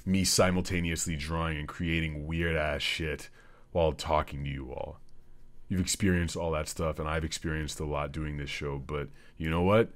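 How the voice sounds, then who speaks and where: A man's voice: very deep voice, steady tone, moderate pace. A man hosting a comedy podcast, rambling through a profane, jokey monologue. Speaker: podcast host.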